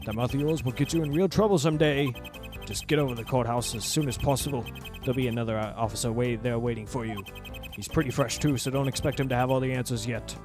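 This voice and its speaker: A man's voice: medium pitch, fast talker, few pauses, over music, lightly acted. Man voicing a barking old police chief. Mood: gruff. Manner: barking orders. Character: gruff bossy older male police chief.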